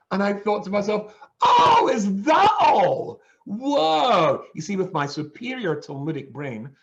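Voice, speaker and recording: A rabbi telling a humorous story to an audience on a video call, acting out the voices of the people in it. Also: male voice, mid-range voice, darkish tone, highs cut off. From England. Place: home, over a video call. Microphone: video call mic.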